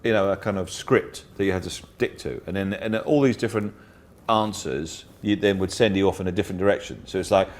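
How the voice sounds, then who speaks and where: A man being interviewed as a guest comedian, telling anecdotes in a lively way and mimicking other people's voices. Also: low-pitched, brisk, few pauses. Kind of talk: casual interview chat.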